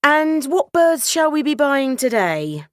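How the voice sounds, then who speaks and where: A woman's voice: sits high, very animated, slow, dry recording, studio quality, pitched above the performer's own voice, full character voice. A woman playing a polite, eager knight. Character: loyal, clever male knight, eager and polite.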